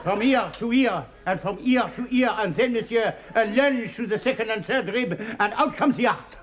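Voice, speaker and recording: A man's voice: high-pitched, animated, normal speed, crowd noise. A man playing a boastful French musketeer in a sketch, with a put-on French accent and hammy, theatrical delivery that laughs at its own jokes. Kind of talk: 1970s TV sketch comedy. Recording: noisy old TV studio recording.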